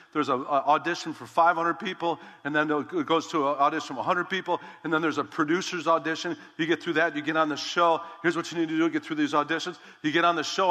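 A man in his fifties, a pastor, telling a personal story in a sermon, animated and repeating words as he acts out conversations. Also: a little high, in a large hall.

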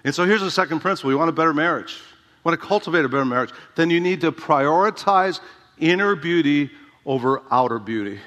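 A man's voice: fairly high pitch, animated, brisk, fairly bright tone, muffled recording. A man preaching a sermon as a pastor, emphatic and conversational, often asking the congregation rhetorical questions. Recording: reverberant hall.

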